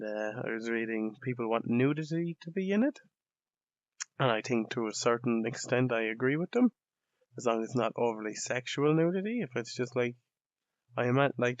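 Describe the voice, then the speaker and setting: A man's voice: mid-range voice, no room sound. A young Irish man hosting a podcast, speaking in a casual, sardonic and rambling comedic monologue full of swearing. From Ireland. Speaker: podcast host. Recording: dull lo-fi dry recording.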